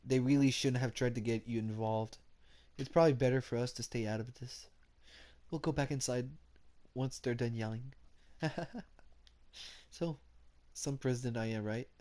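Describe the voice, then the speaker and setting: A man reading the lines of a gentle, soft-spoken teenage girl club president in a dating game, in a mild, apologetic way. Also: medium pitch, fairly even intonation, moderate pace, close to an everyday voice.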